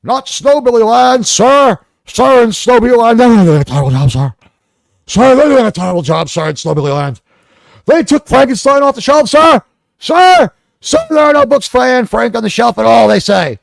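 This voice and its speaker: A man mimicking a frantic, pleading male show host who breathlessly repeats "sir" over and over in an excited, whiny, insistent way. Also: extremely high pitch, normal speed, creaky, no echo, exaggerated voice.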